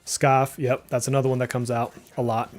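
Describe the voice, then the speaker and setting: A man in his thirties from Massachusetts, with a slight accent to match, rambles fast in a level, darkish, mid-range voice. He's streaming a game live, reacting aloud as he plays, with faint music behind him.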